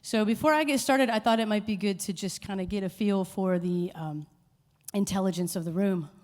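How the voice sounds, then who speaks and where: A woman's voice: medium pitch, normal speed, darkish tone. A woman leading a congregation in a light, playful talk, quizzing the audience and getting them to call out answers. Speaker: worship leader giving a short church talk. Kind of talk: informal sermon with audience call-and-response. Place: church hall with a live congregation. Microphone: handheld microphone. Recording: long hall reverb.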